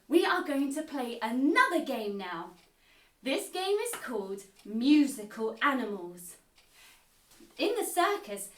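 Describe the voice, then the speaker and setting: A woman presenter leading young children through circus movement games, animated and sing-song, encouraging them along. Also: sits high. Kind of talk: leading a kids' movement game. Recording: roomy sound from a distant mic.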